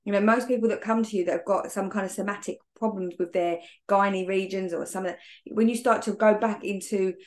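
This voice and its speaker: A woman's voice: mid-range voice, steady tone, fairly quick, a little mellow. A woman hosting a podcast interview, talking in an earnest, musing way about personal growth. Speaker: podcast host. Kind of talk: reflective interview conversation.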